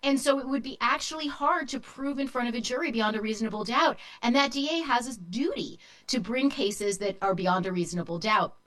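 A woman lawyer speaking as a panel guest, measured and analytical as she argues a point. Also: fairly high pitch, a bit bright, rough recording. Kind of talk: panel discussion.

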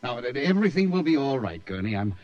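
An actor playing a brusque, impatient company boss, in 1940s radio acting. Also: male voice, medium pitch, big pitch swings, fast talker, darkish tone, lightly acted. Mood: nervous. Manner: dismissive, then nervously soothing. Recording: muffled old radio recording.

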